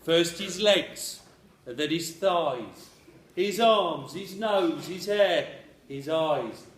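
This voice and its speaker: A man with a Birmingham accent reciting a comic rhyming poem in a school hall, slow and deliberate. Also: a little high, expressive, far from the mic. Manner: slow, deliberate storytelling with put-on voices. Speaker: poetry performer. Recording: echoey hall with faint background noise.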